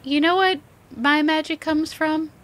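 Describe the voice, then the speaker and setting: Woman doing deadpan snarky young mage, kinda high, dry teasing. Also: unhurried. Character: snarky, unbothered young spellcaster.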